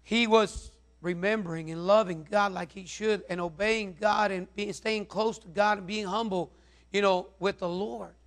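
A man's voice: sits high, fairly even intonation, normal speed, fairly bright tone. A male pastor preaching a sermon, rambling, with many repeated words and fillers.

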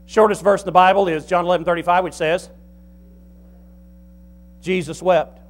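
Man, pastor, high-pitched voice, folksy, animated sermon. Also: quick pace. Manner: animated, folksy, swings between soft and loud.

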